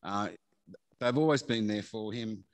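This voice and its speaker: A middle-aged Australian man, father of the groom, giving a halting wedding speech over a video call and laughing between phrases. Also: lowish voice, no echo.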